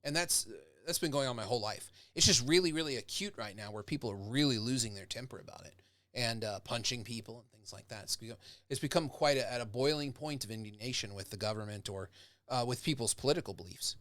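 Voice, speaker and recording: A man's voice: medium pitch, fast, a bit bright, dry recording, studio quality. A man, a professor, giving a casual lecture. He talks conversationally and acts out example speakers with growing intensity.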